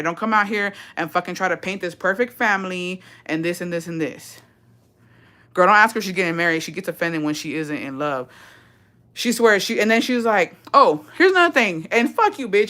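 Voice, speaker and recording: A woman's voice: on the low side, fairly bright tone. A young woman, ranting on a live stream in a profane, sassy and confrontational way, slipping into Spanish. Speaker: vlogger.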